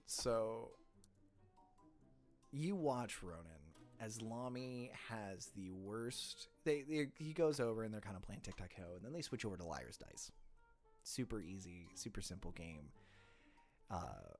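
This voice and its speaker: A man's voice: on the low side, big pitch swings, unhurried, darkish tone, faint music behind. A man narrating as game master of a tabletop game, in a loose, meandering way with self-corrections.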